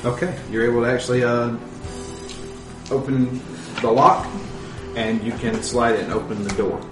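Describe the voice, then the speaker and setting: Man calmly running a tabletop game. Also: normal speed, reverberant, over music. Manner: relaxed, low-key narration with fillers. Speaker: game master.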